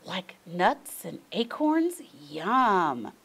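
Brief: high, eager little nut-loving storybook critter voiced by a woman, lively. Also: drawn-out words, creaky, slightly rough, full character voice. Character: hungry little male animal, nut lover.

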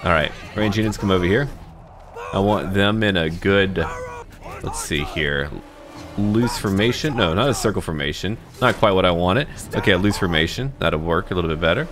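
A man's voice: sits low, moderate pace, music in the background. A man giving casual let's-play commentary, thinking aloud and talking to his troops as he plays. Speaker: gaming YouTuber.

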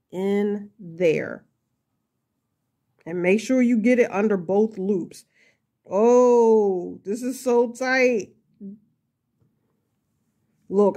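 A woman's voice: medium pitch, a little mellow. A woman hosting a casual crochet tutorial, chatty and laughing at herself as she works.

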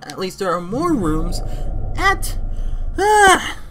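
A woman giving let's play commentary on a game, excitable and exasperated, talking to the character on screen. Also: medium pitch, takes it slowly, slight background noise. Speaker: gamer. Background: game music.

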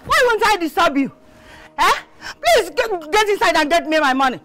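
A Nigerian actress playing a pushy female cloth seller who shouts demands for her debt. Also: very high voice, very animated, normal speed, background noise. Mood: angry. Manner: shouting, aggressive, mixes Igbo.

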